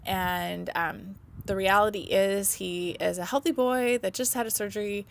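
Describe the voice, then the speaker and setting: A woman's voice: medium pitch, steady tone, moderate pace, gravelly, slight background noise. A woman in her thirties, a mother vlogging to camera, talking in a heartfelt way, close to tears and laughing through her nerves. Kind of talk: emotional casual vlog to camera.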